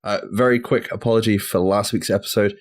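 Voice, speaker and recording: A man hosting a gaming podcast in a relaxed, joking way, swearing casually. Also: on the low side, fairly quick. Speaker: podcast host.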